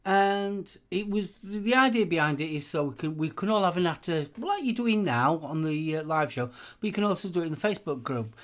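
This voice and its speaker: Rambling, halting man host. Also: on the high side, lively intonation, a bit bright. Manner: rambling, halting, many fillers. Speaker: livestream co-host. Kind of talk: casual chat, sharing favourites.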